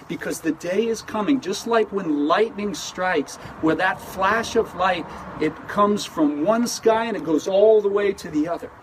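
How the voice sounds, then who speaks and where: Male pastor, higher-pitched, earnest and chatty, recorded from a few feet back outdoors with faint traffic behind. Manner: earnest, conversational preaching with frequent restarts. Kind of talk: sermon with opening prayer. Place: outdoor service in a parking lot. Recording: distant mic with faint outdoor noise.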